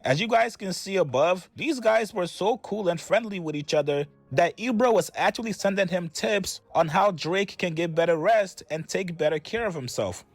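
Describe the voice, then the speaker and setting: High-voiced man with wry gossip narration. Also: animated, normal speed, few pauses, dry recording, faint music behind. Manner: wry, chatty, addresses viewers. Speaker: commentary narrator.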